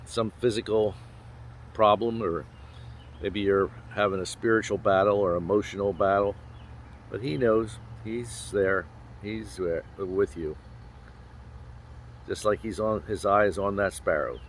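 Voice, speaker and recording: A man hosting an informal outdoor devotional talk, gentle and folksy, recorded on a handheld phone. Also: lowish voice, fairly even intonation, slight background noise. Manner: gentle, folksy, with pauses and small laughs. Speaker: devotional host. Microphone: handheld phone camera.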